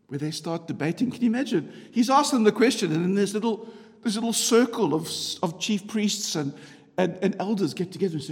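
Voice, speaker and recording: A middle-aged man preaching a conversational sermon, telling the story with rhetorical questions and a chatty, animated manner. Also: high voice, moderate pace. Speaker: pastor. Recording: long hall reverb.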